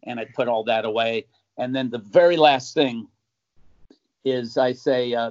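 A man, a magician guest in a casual interview, telling stories and acting out accusing voices with sudden loud jumps. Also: mid-range voice, fairly even intonation, normal speed. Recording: dull, muffled sound.

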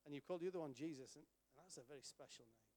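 A middle-aged man telling an animated story to an audience, acting out the voices of the people in it. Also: fairly high pitch, racing. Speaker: speaker at a charity event. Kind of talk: storytelling talk.

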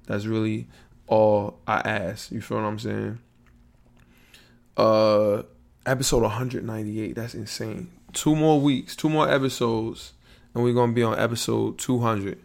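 A man hosting his own podcast alone, rambling in a relaxed, slangy way and thinking out loud. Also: on the low side, a little slow, vocal fry. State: yawning, a bit sleepy. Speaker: podcast host. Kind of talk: casual solo podcast monologue.

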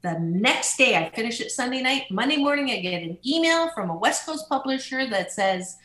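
Upbeat animated woman in an echoey room. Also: normal speed, few pauses. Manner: upbeat, animated storyteller, swoops into high voices. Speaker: author and motivational speaker. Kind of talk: podcast interview.

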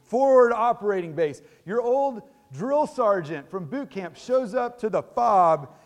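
A middle-aged male pastor delivers a sermon in a relaxed, teaching way. His voice sits slightly high for a man, and he restarts phrases and tosses in quick check-ins. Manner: conversational teaching, frequent restarts and tag questions.

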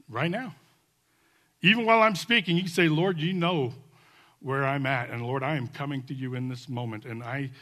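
At a church service, a male pastor moves from gentle pleading to loud, fervent appeals, then leads an altar call and prayer. He has a mid-range voice.

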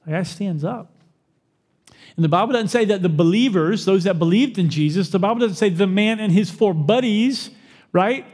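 High-voiced pastor preaching in a hall. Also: male voice, moderate pace. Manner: animated, asks the crowd questions, acts out quoted voices. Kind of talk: sermon.

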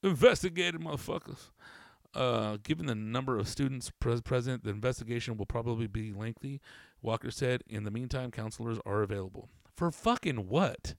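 A man's voice: medium pitch, fairly even intonation, brisk, vocal fry, no room sound, studio quality. A man hosting a casual talk show, reading a news story aloud with stumbles and breaking off into profane, rambling commentary. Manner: rambling, swears a lot, reads aloud with stumbles. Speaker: podcast host reading news.

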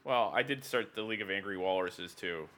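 A man in his twenties chatting on a podcast, halting and a bit sheepish, often restarting his sentences. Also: low voice. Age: 20s. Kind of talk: casual podcast chat. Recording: faint background noise.

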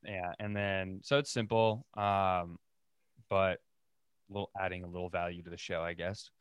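Low-voiced laid-back podcast host. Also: male voice, steady tone, moderate pace, clear, resonant tone, no room sound, dull audio. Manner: laid-back, rambling with many fillers. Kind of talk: casual chat.

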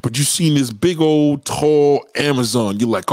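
A man's voice: fairly high pitch, moderate pace, no room sound, clean studio sound. A man delivering a profane, comedic rant to camera, telling stories with heavy swearing and street slang. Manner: animated storytelling, acts out quoted voices.

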